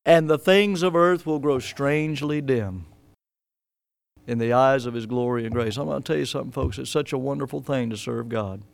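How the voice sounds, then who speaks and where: A man preaching a sermon, swinging between loud, emphatic exhortation and quiet, intimate asides. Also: mid-range voice, fairly even intonation, moderate pace, vocal fry, no echo.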